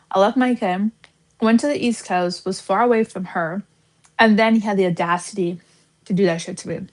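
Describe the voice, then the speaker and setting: Woman in her 30s rambling on a livestream, blunt and sweary, lots of likes, mid pitch. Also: darkish tone, poor audio. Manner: chatty, blunt, swears freely, many fillers. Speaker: livestream host. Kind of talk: casual livestream storytelling.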